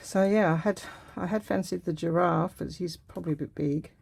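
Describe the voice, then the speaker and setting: Woman crafter thinking aloud, husky voice, mellow tone, chatty and unhurried. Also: fairly low pitch. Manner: musing aloud while cutting and gluing, unhurried and chatty. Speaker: craft vlogger. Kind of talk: casual crafting tutorial.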